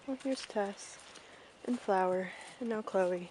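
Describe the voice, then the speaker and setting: A woman's voice: fairly high pitch, measured pace, background noise. A young woman casually vlogging an outdoor farm tour on a handheld camera, chatting and calling out to her ponies.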